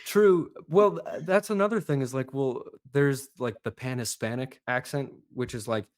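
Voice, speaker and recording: A man, a guest accent coach, chatting casually on a podcast in an animated, storytelling way. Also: medium pitch, normal speed. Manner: animated storyteller, lively asides.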